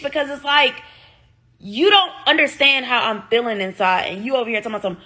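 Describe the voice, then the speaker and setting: A woman telling her viewers a personal story, animated and blunt, swearing freely and sounding upset and near tears. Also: on the high side, normal speed. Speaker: vlogger.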